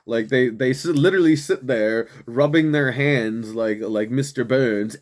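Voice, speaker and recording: Hosting a show, a young man rants profanely through political commentary, mocking his targets and laughing often. His mid-range voice has a darkish tone and a measured pace.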